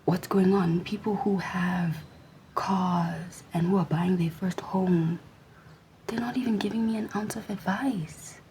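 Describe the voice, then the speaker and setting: A woman's voice: lowish voice, steady tone, measured pace, background noise. A young adult woman vlogger ranting in a sassy, mostly whispered voice to her camera.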